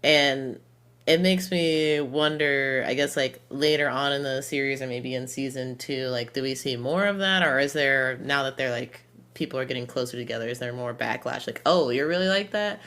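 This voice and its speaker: Man with a bright voice, musing hesitantly. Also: medium pitch, normal speed. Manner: thoughtful, hesitant, many fillers and restarts. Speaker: guest co-reviewer. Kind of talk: casual TV episode review chat.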